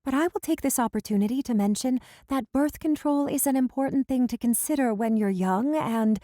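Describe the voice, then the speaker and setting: A woman's voice: high voice, brisk, warm tone, no echo, clean studio sound, voice pushed up, close to an everyday voice. A woman voicing a prim middle-aged mother who is earnest and easily scandalized, in an audiobook. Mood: flustered.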